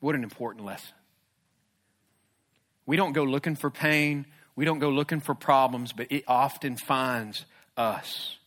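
A man preaching a sermon, moving between loud emphatic declarations and hushed, low, intense passages. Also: measured pace, pauses often. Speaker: pastor.

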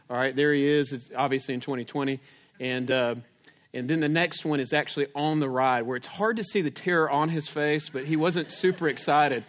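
A man's voice: a little high, a little fast, a bit bright. A man preaching a sermon, telling a family story with lots of restarts and "right?" check-ins, then reading scripture aloud. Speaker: pastor.

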